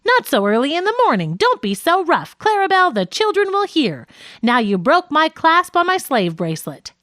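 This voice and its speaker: A fussy, vain man who gets flustered fast, as a woman narrator reads him. The voice leaps around in pitch with lively swings. The sound is dry and close to the mic. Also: no echo, heavily acted. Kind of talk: audiobook reading of a radio sketch.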